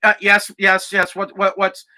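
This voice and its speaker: A man's voice: high voice, completely flat delivery, measured pace, pushed and bright, voice pushed down, heavily acted. A man doing a mocking impression of an actress who stammers and fishes to be recognized. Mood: eager. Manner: fawning, stammering. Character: flustered actress eager to be recognized.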